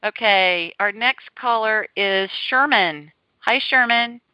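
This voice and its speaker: Bright-voiced chatty woman host. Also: a little high, slow, dry recording, rough recording. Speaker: radio show host, psychic. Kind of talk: call-in radio talk.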